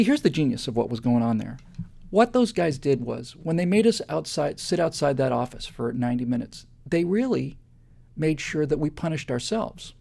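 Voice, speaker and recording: Host, male, 50s: gravelly, mellow voice, animated storyteller who trips over his words. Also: mid-range voice. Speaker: show host. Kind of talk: storytelling monologue on a live web show.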